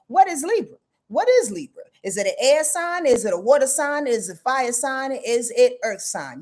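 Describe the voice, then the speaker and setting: A woman astrologer hosting a casual live stream, chatty and goofy, talking straight to her viewers and laughing at her own slips. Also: on the high side. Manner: animated, chatty, addresses viewers as y'all.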